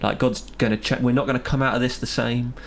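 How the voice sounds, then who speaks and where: A man's voice: mid-range voice, fast talker, vocal fry, a little hiss or hum. Chatty young man hosting. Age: young adult. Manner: relaxed, chatty, laughs easily. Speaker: podcast host. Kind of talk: casual chat on faith.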